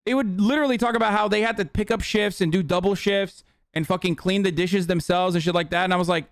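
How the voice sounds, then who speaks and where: A man's voice: sits high, steady tone, fast talker, no room sound, studio quality. A man streaming a reaction to a clip, ranting in a heated, profane, casual way.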